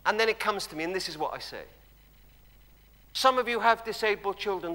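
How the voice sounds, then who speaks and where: A man preaching a sermon in a church, telling stories emphatically and dropping to hushed tones. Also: high voice, fairly quick, long pauses. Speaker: guest preacher. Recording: long church hall reverb.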